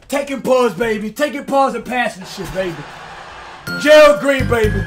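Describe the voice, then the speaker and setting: A young man loudly commentating his own basketball video game, rough and hyped, shouting and trash-talking. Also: very high-pitched, expressive, normal speed. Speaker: gaming YouTuber. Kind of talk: loud live game commentary.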